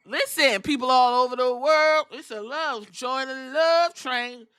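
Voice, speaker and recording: A woman's voice: high-pitched, a little slow, fairly bright tone, clear, resonant tone, no room sound, clean studio sound. A woman hosting a podcast, recapping wrestling in a sassy, profane way and mimicking the wrestlers. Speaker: podcast host.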